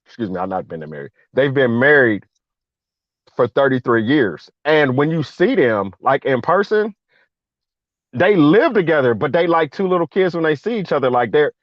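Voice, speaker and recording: A man's voice: medium pitch, normal speed, no echo. Man telling a story, lo-fi and dry. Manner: animated, slangy, acts out quoted voices. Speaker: guest veteran. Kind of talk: casual storytelling chat. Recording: dull lo-fi dry sound.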